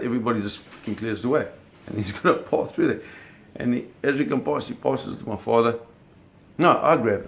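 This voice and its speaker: A man's voice: on the low side, creaky, a little hiss or hum. A man telling a vivid personal story in a casual way, cursing freely and acting out the sounds and scenes. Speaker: storyteller recounting a personal experience.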